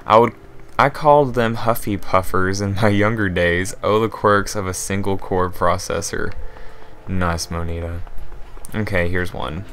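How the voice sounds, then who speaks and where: A man's voice: sits low, fairly even intonation, unhurried, a bit bright, a little hiss or hum. A young man hosting a let's play, joking as he reads game text aloud and riffs on it. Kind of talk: casual gameplay commentary.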